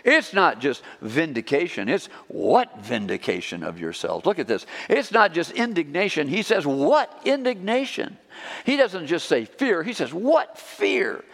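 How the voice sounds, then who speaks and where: A man preaching with a lively, swooping delivery that leaps up on key words and sinks back down. His voice sits a little high for a man. The sound rings with the long reverb of a church sanctuary. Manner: emphatic, rising to stressed words then dropping low. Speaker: pastor. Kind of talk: expository sermon.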